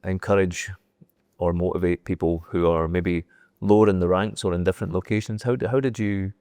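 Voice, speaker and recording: A man's voice: sits low, steady tone, brisk, a little mellow, no echo. A man hosting a podcast, asking follow-up questions and reacting briefly. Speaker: podcast host. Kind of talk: casual interview chat.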